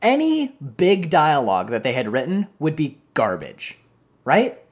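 A woman with a low, deep voice chats casually about a movie. She talks in an animated, profane way and slips into quoting characters. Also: a little slow, husky. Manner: animated, profane, acts out quoted lines. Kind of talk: casual film discussion.

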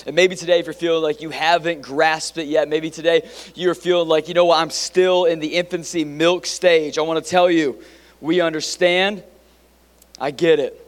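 A middle-aged man preaches with excitable energy, tossing in casual fillers as he speaks. His voice sits a little high for a man. It rings out through a large hall with a long reverb tail. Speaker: pastor. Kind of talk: sermon.

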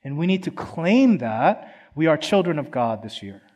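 A man's voice: on the high side, sing-song, normal speed, a little mellow, muffled recording. Earnest man preaching a sermon. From Philadelphia, USA. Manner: conversational, earnest, acts out quotes. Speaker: pastor. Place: church.

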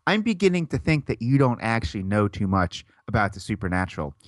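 A man's voice: fairly low pitch, very animated, quick pace, dry recording, studio quality. A man co-hosting a podcast in casual banter, stubborn and teasing, laughing often. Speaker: podcast co-host.

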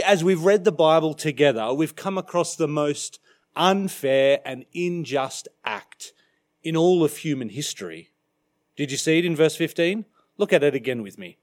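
A middle-aged Australian man preaching a sermon as minister, emphatic, dropping to quiet for weight. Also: a little high. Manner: emphatic, dramatic shifts in loudness.

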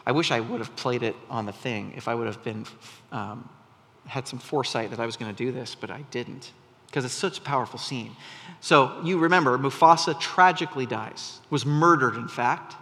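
A man preaching a sermon as a pastor, an animated storyteller whose voice rises when he gets excited. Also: medium pitch, moderate pace, a little hiss or hum. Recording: long reverb from a large hall.

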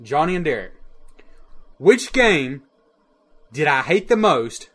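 A man's voice: a little high, sing-song, takes it slowly, a bit bright. A man hosting a casual podcast, running a quiz and laughing easily between questions. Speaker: podcast host, quiz master.

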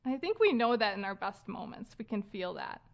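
A woman's voice: mid-range voice, sing-song, brisk. Casual woman preaching, lo-fi sound. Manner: conversational with fillers and light laughs. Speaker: speaker leading a church gathering. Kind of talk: casual sermon talk. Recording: dull lo-fi sound.

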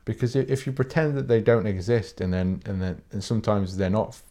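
Somewhat low and dark, the voice of a British man hosting a solo podcast moves fairly quickly. His casual rant is blunt, sweary, and rambling, with lots of false starts.

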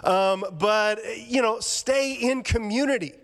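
A man's voice: extremely high pitch, takes it slowly, a bit bright, soft background music. A man preaching a sermon as a church pastor, earnest and conversational, often restarting his sentences with repeated words.

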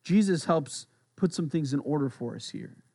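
A man's voice: fairly high pitch, lively intonation, normal speed, darkish tone, no echo, clean studio sound. A man preaching a sermon as a pastor, conversational, with playful asides and repeated words as he thinks aloud.

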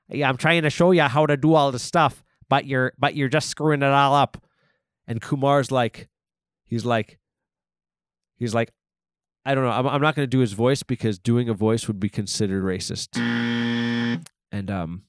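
A man's voice: medium pitch, no echo, studio quality. A man hosting a comedy podcast, rambling through an improvised monologue with lots of fillers, restarts and swearing. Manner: halting, rambling, profane, full of fillers.

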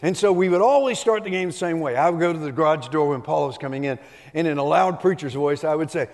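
A man's voice: a little high, fast, darkish tone. Folksy preacher man in a reverberant hall. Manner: storytelling, folksy and humorous. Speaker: pastor. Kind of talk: sermon. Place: church sanctuary.

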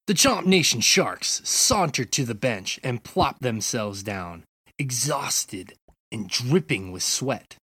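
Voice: medium pitch, animated, bright, forceful tone, slightly rough, no room sound, clean studio sound. A podcast co-host who teases the others and reads out a comedy sports skit. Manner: slow, teasing delivery. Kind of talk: casual chat and reading a comedy skit.

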